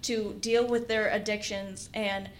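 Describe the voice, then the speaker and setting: A woman's voice: mid-range voice, level tone, measured pace, a little hiss or hum. A young woman chatting casually on a podcast, full of fillers and laughter. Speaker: podcast co-host.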